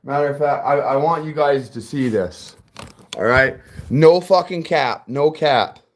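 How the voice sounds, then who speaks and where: A man's voice: fairly high pitch, a little slow. A man giving a casual workshop build tutorial as a car audio installer, chatty and profane, talking straight to his viewers.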